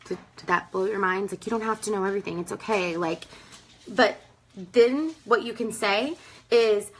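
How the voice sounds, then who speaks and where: A woman's voice: mid-range voice, normal speed, poor audio. A young woman gives a casual, emphatic sales training talk, calling her listeners "girl" and acting out her customers. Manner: acts out customers in quoted voices. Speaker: direct sales team leader.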